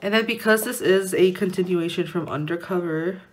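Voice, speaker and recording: A woman's voice: fairly low pitch, normal speed, slight background noise. A young woman vlogger chatting casually while unboxing an album, rambling and giggling, often restarting her sentences, indoors at home near a window. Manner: rambling and giggly, many restarts and filler words.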